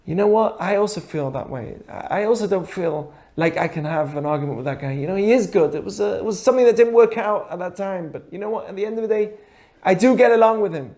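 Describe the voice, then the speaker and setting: High-voiced man teaching an ethics lesson. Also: fast, darkish tone. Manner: acts out dialogue in quoted voices; asks the audience rhetorical questions. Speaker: Torah teacher.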